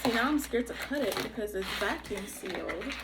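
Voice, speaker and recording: A woman's voice: on the high side, normal speed, heavy background noise. A woman vlogging an unboxing at home, chatting casually to camera and exclaiming often. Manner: excitable, gushing, exclaims often. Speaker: podcast host doing an unboxing. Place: bedroom workstation at home.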